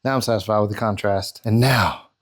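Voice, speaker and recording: A man's voice: fairly low pitch, brisk. Chatty man narrating his airbrush work. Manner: chatty, self-talk while working, counts out steps. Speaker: airbrush artist and tutorial host. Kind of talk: casual narrated painting tutorial.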